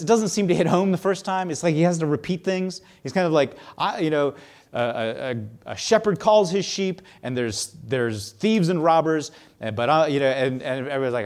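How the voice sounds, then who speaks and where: A man preaching a sermon in a conversational, animated way, sometimes acting out the voices he quotes. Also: medium pitch, moderate pace. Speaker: pastor.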